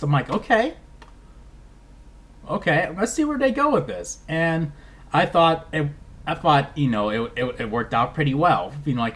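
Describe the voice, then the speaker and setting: Rambling man reviewing a movie. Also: medium pitch. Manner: rambling, many restarts and "I mean"s, animated. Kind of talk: casual spoiler review vlog.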